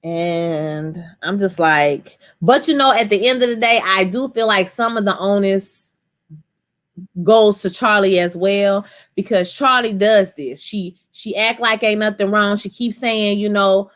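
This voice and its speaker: A chatty woman recapping a TV episode in her own casual voice. She is animated, jumps into little asides, and swears freely as she goes. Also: mid-range voice, normal speed. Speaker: TV episode reviewer.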